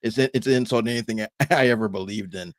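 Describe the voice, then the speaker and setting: A man's voice: on the low side, rapid-fire, no room sound. A man co-hosting a podcast in casual chat, speaking emphatically and repeating his points with indignation. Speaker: podcast co-host.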